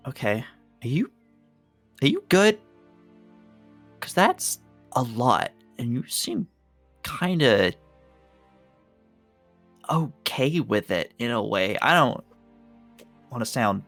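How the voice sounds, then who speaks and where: A man playing a nervous young former camper, talking in halting, hesitant bursts with some swearing. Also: medium pitch, a bit bright, exaggerated voice. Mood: uneasy. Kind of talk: in-character tabletop role-play.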